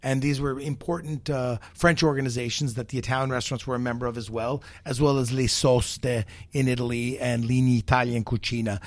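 Brief: middle-aged male chef, lively raconteur, close dry podcast mic. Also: medium pitch, brisk, hardly any pauses, no room sound. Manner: animated storyteller, many fillers, quotes others. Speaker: guest chef. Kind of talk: storytelling interview chat.

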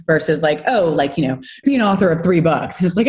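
A woman in her thirties, a guest in casual podcast chat, talking in a chatty, animated way with lots of fillers and quick laughs. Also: sits low. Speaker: guest, home organizing business owner.

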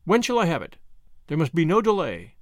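A hoarse, frightened woman with a soft and dangerous edge, as a man reading the story puts her on. Her voice swings widely between hushed and sharp. The recording is close and dry. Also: a little high, wildly swooping pitch, fairly quick, no room sound. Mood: fearful, menacing. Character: fading beauty, frightened, secretive woman.

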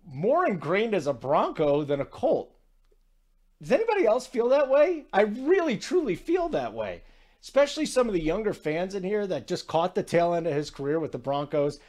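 A man hosting a sports betting show, talking in a chatty, energetic and digressive way. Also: fairly high pitch. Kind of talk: casual sports talk.

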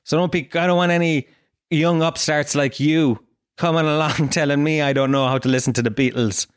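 Animated sweary Irish podcast man. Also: a little high, fairly quick, smooth. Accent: Irish, Dublin. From Ireland. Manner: animated, swearing, mock-indignant. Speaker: podcast host. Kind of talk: casual solo podcast rant.

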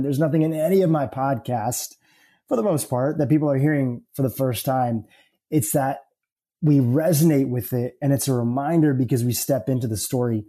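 Mellow-voiced male podcast host. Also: mid-range voice. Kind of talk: conversational interview.

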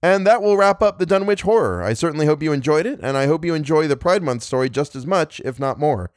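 A man's voice: fairly high pitch, animated, fast, dry recording, studio quality. A man hosting a story podcast, chatting casually and joking at his own expense. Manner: playful, self-mocking, exaggerated groaning. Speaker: podcast host and reader. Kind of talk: casual podcast outro and outtakes.

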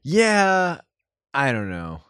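A man's voice: mid-range voice, wildly swooping pitch, extremely slow, a bit bright, clear, resonant tone, dry recording, studio quality. A man talking as a podcast guest, joking and poking fun at himself. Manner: joking, self-mocking. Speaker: guest writer. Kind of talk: casual chat.

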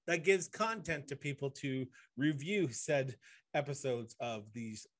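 A man's voice: medium pitch, lively intonation, a little slow. A man co-hosting a casual podcast chat, joking and sarcastic, with rambling asides. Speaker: podcast co-host.

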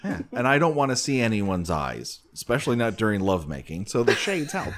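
Male podcast host, lively pitch, jokey and animated. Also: a little fast. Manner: joking, animated, frequent laughs. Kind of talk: casual comedic chat.

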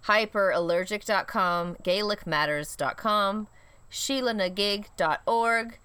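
A woman's voice: medium pitch, unhurried, bright, forceful tone, clean tone. A woman co-hosting a podcast in a casual chat, playful and giggly, often teasing herself. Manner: playful, giggly, self-mocking. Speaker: podcast co-host.

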